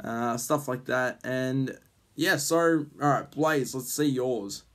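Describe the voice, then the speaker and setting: A man's voice: mid-range voice, slow, fairly bright tone. A man hosting a casual vlog, rambling with lots of ums and jokey teasing. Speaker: YouTube host.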